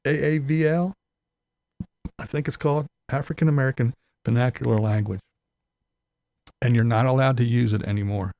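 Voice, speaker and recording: A man's voice: medium pitch, steady tone, moderate pace, vocal fry, long pauses, a little mellow, dry recording. Laughing, profane ranting man. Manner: profane, laughs often, sarcastic. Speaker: vlog commentator. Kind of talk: ranting commentary.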